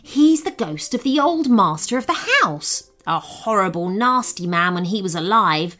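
A woman's voice: mid-range voice, lively intonation, moderate pace, pushed and bright, soft background music. A woman voicing a wizard trapped as a small male mouse, urgent and watchful in a children's storybook. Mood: warning. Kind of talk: storybook character voice.

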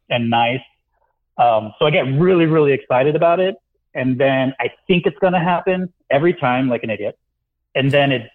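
A man calling in to an advice podcast, earnest and a bit halting, poking fun at himself. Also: medium pitch. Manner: earnest, halting, self-deprecating. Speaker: caller. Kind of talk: phone-in advice question. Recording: tinny phone line.

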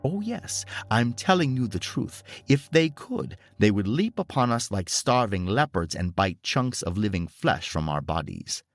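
A man's voice: lowish voice, big pitch swings, measured pace, hardly any pauses, no echo, clean studio sound, soft background music, voice pushed up. A man voicing a grim old career officer.

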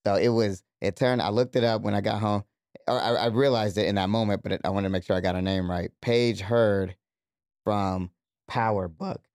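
A man's voice: fairly low pitch, steady tone, normal speed, darkish tone, no room sound, clean studio sound. A man co-hosting a podcast in casual chat, with loose slangy talk and frequent laughs. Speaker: podcast co-host.

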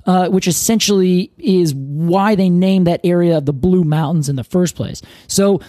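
A man's voice: sits high, moderate pace, warm tone, no echo, studio quality. A man co-hosting a podcast in casual chat, chatty and laughing often as he explains things at length. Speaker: podcast co-host.

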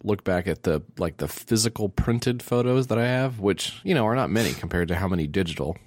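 A man co-hosting a comedy podcast, telling crude stories in a rambling, deadpan way. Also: fairly low pitch, fairly quick, no echo, clean studio sound. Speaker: podcast co-host. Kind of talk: casual comedy chat.

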